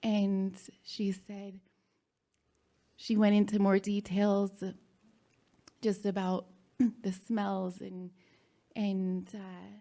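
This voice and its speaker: A woman telling a personal story on stage in a hall before a live audience. She speaks haltingly, with pauses and nervous laughs. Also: medium pitch, completely flat delivery, creaky, dark tone.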